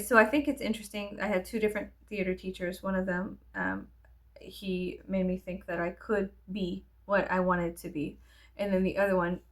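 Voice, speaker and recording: A woman vlogger at home telling a personal story in a casual, rambling way with many fillers and halting restarts. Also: mid-range voice. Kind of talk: casual storytelling while getting ready. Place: at home with animals nearby.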